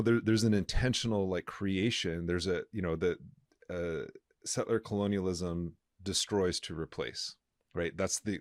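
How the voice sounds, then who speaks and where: Low-voiced man, earnest podcast host. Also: no echo, clean studio sound. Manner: halting, many fillers and restarts; earnest, impassioned. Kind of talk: casual conversational interview.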